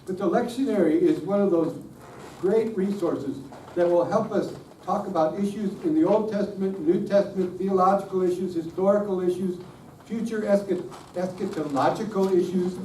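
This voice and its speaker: A man's voice: high-pitched, normal speed, warm tone. A middle-aged man giving a conference talk on worship, joking with the audience and poking fun at himself. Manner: self-deprecating, joking with the audience. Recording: roomy, distant room mic, faint hiss.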